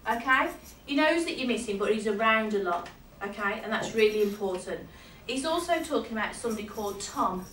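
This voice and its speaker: A woman's voice: mid-range voice, expressive, a little fast, hardly any pauses, a bit bright, slight background noise. A woman giving a medium's reading to a live audience, chatty and laughing often, checking in with her listener as she goes. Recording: echoey hall from far off.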